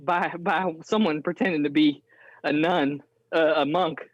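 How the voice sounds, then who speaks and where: A small male rat familiar, eager and apologetic, his voice high and squeaky, as a man acts him out. He yelps at every setback in a tabletop game. The sound is dry and a little dull. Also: fairly even intonation, a little slow, no echo.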